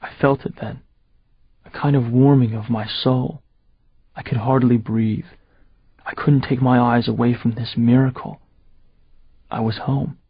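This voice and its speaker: A man with a husky voice narrating a first-person audiobook in a steady, measured way. The recording is dry and close, with a slightly dull, muffled top end. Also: medium pitch, no room sound.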